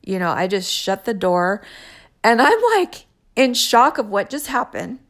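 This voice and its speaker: A woman's voice: medium pitch, lively intonation, a little slow, fairly bright tone. A young adult woman telling a personal story in an emotional way, acting out bits of quoted dialogue as she goes.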